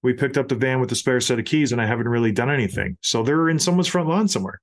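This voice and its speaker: Animated man hosting a podcast. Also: mid-range voice, fast talker. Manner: animated storyteller. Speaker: podcast host. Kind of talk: casual chat.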